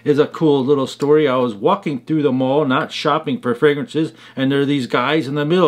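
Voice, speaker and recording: A man reviews fragrances in a chatty, conversational vlog and tells little stories along the way. His voice sits at an ordinary mid-range pitch for a man. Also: fairly even intonation, moderate pace. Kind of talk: casual product review vlog.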